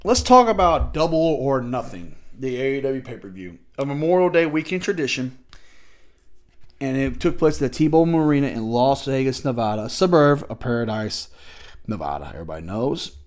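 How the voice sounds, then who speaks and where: A man recapping wrestling matches in a casual, excitable way, with a voice of middling pitch. He jumps into quick impressions of the wrestlers and the commentators as he tells the story. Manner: excitable, acts out the wrestlers' lines. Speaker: wrestling podcast host.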